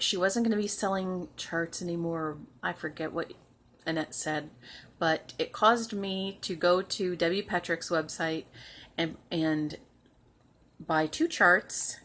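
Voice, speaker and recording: A woman hosting a home cross-stitch video, chatting casually and sounding tired, with soft asides that trail off. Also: fairly low pitch. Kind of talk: casual chat to camera.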